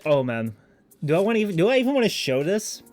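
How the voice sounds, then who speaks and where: A man's voice: high-pitched, big pitch swings, fast, a little mellow, faint music behind. Chatty Dutch-born male streamer. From Netherlands. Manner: rambling, swearing, self-mocking. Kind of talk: casual livestream chat.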